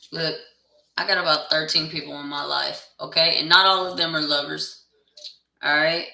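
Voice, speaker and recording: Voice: mid-range voice, vocal fry, pushed and bright, distant mic. A tarot reader in a blunt, profane, heated casual rant to camera. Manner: heated, insistent. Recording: echoey room, voice away from the mic.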